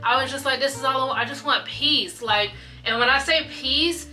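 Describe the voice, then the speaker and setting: A woman's voice: a little high, fairly quick, pushed and bright. A young adult woman vlogger in casual confessional chat, candid and rambling, often repeating herself. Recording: light guitar music behind.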